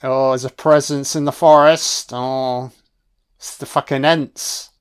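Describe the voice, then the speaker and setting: A man's voice: medium pitch, fairly even intonation, slow pace, smooth. Sweary man riffing on a film. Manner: sweary, wisecracking, talks back at the screen. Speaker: film commentator. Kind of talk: casual first-watch film commentary. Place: home recording, voice only.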